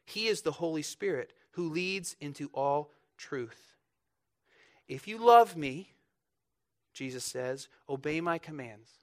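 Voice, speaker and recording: A young man preaching a lively, joking sermon in church, bursting into loud mock voices. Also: a little high, slow pace. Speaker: pastor.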